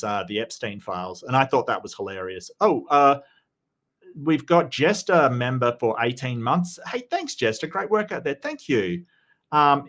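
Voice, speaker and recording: A man in a casual live-stream chat, speaking at an ordinary mid pitch. He is blunt and jokey, swears now and then, and stops to read out viewer messages. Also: a bit bright. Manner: blunt, joking, profane, reads out chat. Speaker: livestream debate host.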